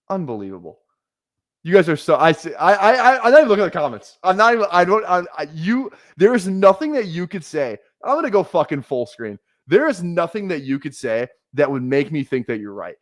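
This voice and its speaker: During a fantasy football draft stream, a man with a high voice and big pitch swings rants hotly at his chat at a brisk pace. He swears heavily and repeats phrases, recorded in studio quality with no echo.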